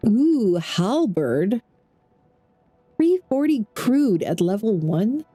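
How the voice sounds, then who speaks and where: A woman giving casual, chatty let's-play commentary as a game streamer, thinking out loud as she plays. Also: a little high, sing-song, extremely slow, faint music behind. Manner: chatty, thinks aloud while playing.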